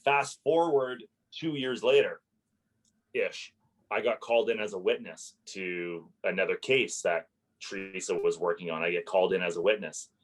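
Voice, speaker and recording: In a casual podcast interview, a man who works as a landlord tells an animated story, swearing freely as he relives how angry he was. He has a deep voice and a moderate pace, captured in a rough recording.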